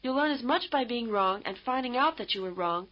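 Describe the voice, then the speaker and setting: A fairly high-voiced woman reading scripted lesson instructions in a measured, explanatory way. The sound is dull and lo-fi, like old course audio. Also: expressive. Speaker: language course narrator.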